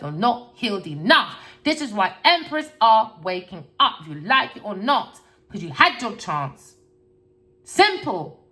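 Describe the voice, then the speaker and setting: A woman reads tarot for a general audience and sounds preachy and scolding. She repeats herself, swears freely and keeps asking whether listeners understand. Her voice sits at an ordinary middle pitch. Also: a bit bright. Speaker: tarot reader. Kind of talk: collective tarot reading monologue.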